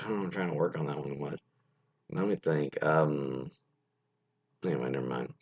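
A man's voice: a bass voice, moderate pace, slightly rough. A man hosting a radio show, rambling offhandedly through an article and sometimes swearing. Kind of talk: casual commentary on an article. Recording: dull lo-fi recording.

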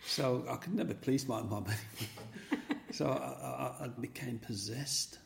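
An older man telling stories from his life in a rambling, animated way during an interview. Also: medium pitch, a little slow, creaky, slight background noise. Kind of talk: personal storytelling in an interview.

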